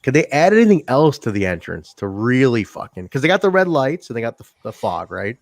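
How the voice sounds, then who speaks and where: A man co-hosting a casual wrestling review podcast, animated and profane, laughing often. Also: mid-range voice, fairly quick, vocal fry, no room sound. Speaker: podcast co-host.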